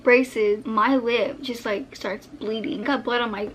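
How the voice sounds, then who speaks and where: A young woman in a casual storytime vlog, retelling events with animated acting-out of her own past lines. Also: a little high, takes it slowly, a little hiss or hum. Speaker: vlogger.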